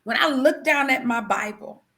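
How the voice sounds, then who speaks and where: A woman guest telling the story of her marriage with animation and feeling, calling her listener "girl" and dropping to hushed tones at solemn moments. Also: sits high, normal speed. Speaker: guest sharing her testimony. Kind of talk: emotional personal storytelling.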